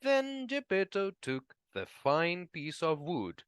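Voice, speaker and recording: A man whose first language is Portuguese narrates a classic children's tale slowly and expressively, his pitch rising and falling freely. His tone is bright, and the close recording is dry. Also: clean tone, no echo. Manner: slow, expressive reading. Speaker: English teacher reading an audiobook. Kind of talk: storybook narration.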